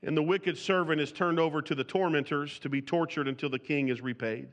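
A man whose voice sits on the high side, with fairly even intonation and a fairly quick pace, preaches an expository sermon. Scripture is read aloud in old King James wording, and his free speech is full of restarts and repeated words. Long hall reverb colors the recording.

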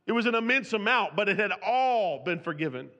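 A man's voice: sits high, animated, a little fast, sharp tone, dull audio. A man preaching an expository sermon, reading scripture aloud in old-fashioned wording and often restarting his sentences. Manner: reads scripture aloud in King James wording; restarts and repeats words while speaking freely. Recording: long hall reverb.

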